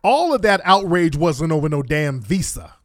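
High-voiced man ranting on a stream. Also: normal speed, no echo, clean studio sound. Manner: blunt, animated, repeats himself. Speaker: livestream commentator. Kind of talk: casual livestream commentary.

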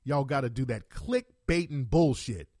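A man's voice: medium pitch, lively intonation, unhurried, warm tone, no room sound, studio quality. A man giving a blunt, heated, profanity-laced reaction commentary as a vlogger.

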